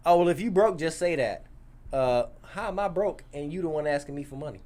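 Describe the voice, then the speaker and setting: Co-host, mid pitch, blunt and emphatic, casual talk. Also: lively intonation, normal speed, darkish tone.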